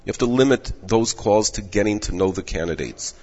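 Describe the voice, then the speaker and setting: A man who directs rabbinic placement, giving measured advice in an interview while losing his voice. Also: lowish voice, animated, a little mellow. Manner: measured, advising. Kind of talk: explanatory interview answers. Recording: echoey dull room audio.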